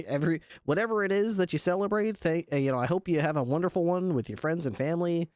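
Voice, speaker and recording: A man's voice: on the high side, lively intonation, brisk, few pauses, darkish tone, clean tone, no room sound, clean studio sound. A man livestreaming, chatting casually with his viewers, laughing often and swearing. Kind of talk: casual chat with stream viewers.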